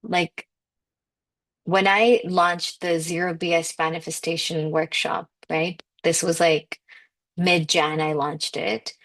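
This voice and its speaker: An emphatic woman with a slightly low voice delivers a motivational spiritual talk as a manifestation coach. She speaks in a loose, conversational way, full of "like" and direct appeals. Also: fairly even intonation, takes it slowly, fairly bright tone.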